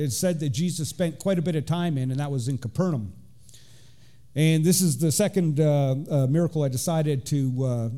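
Mellow-voiced deacon giving a casual sermon. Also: male voice, a little high. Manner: conversational, with frequent fillers and restarts. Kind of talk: informal sermon with scripture reading.

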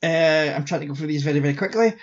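Blunt cohost going through movie notes, kinda husky voice, muffled lo-fi mic. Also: mid-range voice, fast talker. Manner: wry, blunt, swears casually. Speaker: podcast co-host. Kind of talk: casual chat.

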